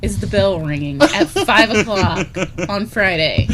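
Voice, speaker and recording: A woman's voice: mid-range voice, big pitch swings, measured pace, background noise. A woman co-hosting a casual comedy podcast, swearing freely and telling a made-up story with little put-on voices. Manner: profane, storytelling, acts out voices. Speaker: podcast co-host.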